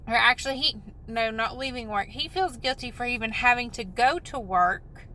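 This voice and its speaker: A woman's voice: on the high side, normal speed, bright, forceful tone, slight background noise, poor audio. A woman venting in a rambling, upset, apologetic way in a vlog, recorded on a phone in a parked car. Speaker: vlogger.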